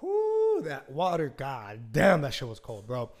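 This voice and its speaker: A man's voice: medium pitch, animated, unhurried. A man hosting a podcast in a casual, rambling monologue, swearing freely and scattering fillers as he talks. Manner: rambling and profane, full of fillers. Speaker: podcast host.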